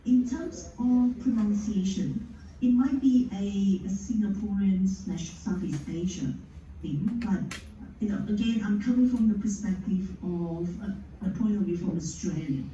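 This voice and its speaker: A woman speaks on a video call, walking a club through common slips in a patient, explaining way. Her voice sits back from the mic in a boomy, echoing space. A steady hiss of noise runs under her. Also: highs cut off. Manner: patient, explains slowly with examples. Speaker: grammarian at a speaking club meeting. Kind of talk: meeting feedback talk. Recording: echoey, distant, noisy call audio.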